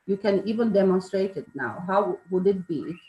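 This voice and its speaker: A woman's voice: mid-range voice, moderate pace, dull audio. A woman giving an informal talk, explaining with many fillers and self-corrections. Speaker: speaker on charisma. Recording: echoey room.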